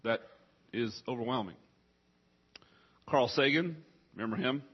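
Husky preacher with a cough. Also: male voice, medium pitch, normal speed, lo-fi sound. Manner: coughing, choked up. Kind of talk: sermon.

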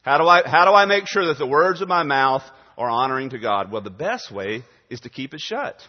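A male pastor preaching a sermon, punching key words loudly, then dropping to quiet asides. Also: medium pitch, expressive, fairly quick. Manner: emphatic preaching, swings from loud stresses to quiet asides. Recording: dull sound in a reverberant hall.

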